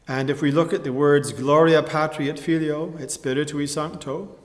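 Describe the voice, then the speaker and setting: A man giving a measured, precise lecture tutorial, pausing with fillers and clearing his throat now and then. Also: fairly high pitch, fairly even intonation, in a large hall. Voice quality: measured, precise explanatory delivery. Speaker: music instructor. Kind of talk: lecture tutorial with sung examples.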